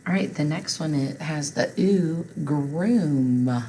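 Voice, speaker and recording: A woman's voice: low-pitched, moderate pace, a little mellow, slight background noise, rough recording. A woman teacher leading a phonics spelling lesson for children, patient and encouraging.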